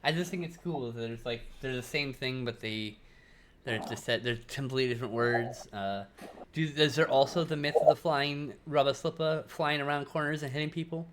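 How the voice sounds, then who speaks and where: A woman's voice: a bass voice, moderate pace. Casual streamer lady in her 30s, swears a lot, tells stories, bit of faint noise. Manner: swearing, storytelling, reads chat aloud. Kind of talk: casual live-stream chat.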